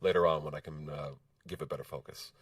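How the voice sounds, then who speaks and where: A man with a husky voice, hoarse from a cold, chatting modestly as a guest on a livestream and pausing often with fillers. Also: a bass voice, fairly even intonation, a bit bright, recorded from a distance. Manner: modest, halting with frequent fillers. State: hoarse from illness. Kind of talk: casual chat.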